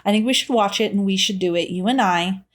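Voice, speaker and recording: A chatty woman co-hosting a podcast in an easygoing, conversational tone. Her voice sits at an ordinary middle pitch, and she laughs often as she talks. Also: quick pace. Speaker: podcast co-host. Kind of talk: casual chat.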